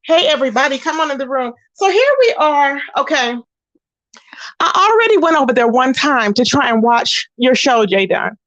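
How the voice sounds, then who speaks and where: A woman hosting a casual gossip livestream, sassy and animated, greeting viewers by name. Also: sits high, normal speed, no echo, highs cut off. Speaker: livestream host.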